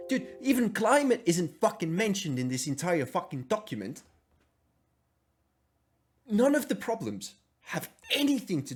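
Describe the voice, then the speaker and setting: A young man streams his reaction to a clip, cursing freely and sounding incredulous. His voice is husky and sits a little high. His pitch swings widely as he talks. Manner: profane, incredulous, animated. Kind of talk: casual reaction commentary.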